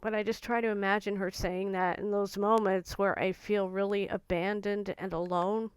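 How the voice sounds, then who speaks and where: A woman vlogger talking in an earnest, gentle and confiding way about her own feelings. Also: mid-range voice, flat delivery, moderate pace, clean tone, no room sound. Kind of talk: personal reflective talk to camera.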